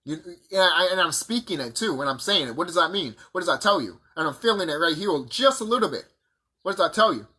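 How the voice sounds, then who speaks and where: A man delivering a profane, combative monologue full of rhetorical questions, with a husky voice. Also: high voice, expressive, fast, bright, forceful tone. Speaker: vlogger. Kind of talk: ranting monologue to camera.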